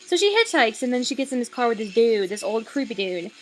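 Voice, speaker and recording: A young woman delivers a loose, sarcastic film review from home late at night, her voice sitting a little high and leaping up and down as she goes. She swears freely and pads her talk with fillers, and a faint hiss sits underneath. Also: very animated, fast. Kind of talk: casual rambling film review.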